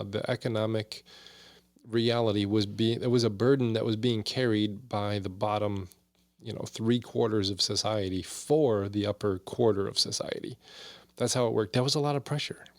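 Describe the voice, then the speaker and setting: A low-voiced man with a gravelly, creaky edge talks through a Bible passage in a loose, conversational way. The sound is dry and close, with no room around him. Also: no echo. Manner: conversational and candid, with frequent fillers and asides. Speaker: podcast guest teaching Bible study. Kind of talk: casual teaching talk.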